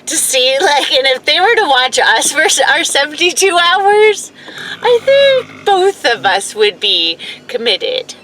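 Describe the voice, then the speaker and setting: A young woman co-hosts a playful podcast from inside her parked car, giggling often. Her voice is high, bright and very lively, swooping up and down, and she talks at an unhurried pace. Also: poor audio. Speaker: podcast co-host. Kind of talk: casual banter podcast.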